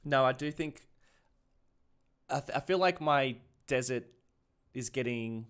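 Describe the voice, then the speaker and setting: A man's voice: medium pitch, measured pace, fairly bright tone, smooth. An Australian man chatting casually while streaming a city-building game, laughing often and restarting his sentences. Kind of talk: casual livestream chat.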